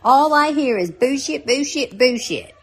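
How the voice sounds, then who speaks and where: A woman's voice: sits high, expressive, a little slow. A woman with a Southern US accent leaving a casual voicemail, blunt and joking, with a lot of swearing.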